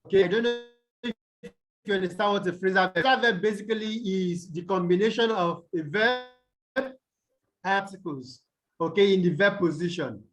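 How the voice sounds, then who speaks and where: A man's voice: high voice, normal speed, rough recording. A man from Nigeria teaching an online English lesson, asking the class questions and checking in with "okay?" again and again. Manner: checks in often with "okay?" and "the what?". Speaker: English tutor. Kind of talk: online tutorial on stress rules. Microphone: video call.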